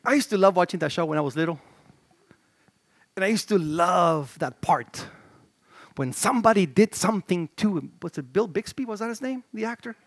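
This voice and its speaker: A middle-aged male pastor preaching a sermon in an animated, conversational way, with stammered restarts and swings from shouts to low murmurs. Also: moderate pace, dry recording.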